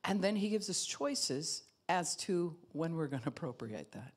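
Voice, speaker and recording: A woman pastor preaching a sermon in an animated way, acting out other people's voices and laughing often. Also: low-pitched, moderate pace, hardly any pauses.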